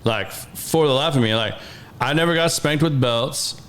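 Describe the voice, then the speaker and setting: A man's voice: medium pitch, moderate pace, clean tone. A man hosting a podcast, chatting casually and chiming in with short reactions. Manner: relaxed, chimes in with short reactions. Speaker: podcast host. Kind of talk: casual chat.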